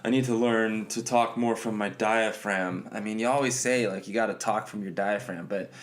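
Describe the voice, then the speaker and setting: A man with a hoarse voice hosting a casual solo podcast, rambling with lots of fillers and restarts. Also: lowish voice, steady tone, moderate pace. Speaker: podcast host.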